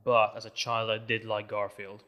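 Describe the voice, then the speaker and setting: Bright-voiced young man, dry and rambling. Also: fairly low pitch, level tone, moderate pace. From Malta. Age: young adult. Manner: dry, rambling, self-deprecating. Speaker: guest. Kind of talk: casual podcast chat.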